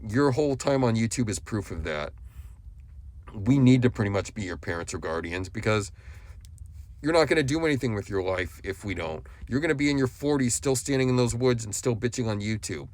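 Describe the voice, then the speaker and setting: A man's voice: on the low side, animated, brisk, darkish tone, no room sound. A young adult man delivering a scolding monologue at another YouTuber, lecturing in a contemptuous, repetitive way. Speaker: YouTube commentator.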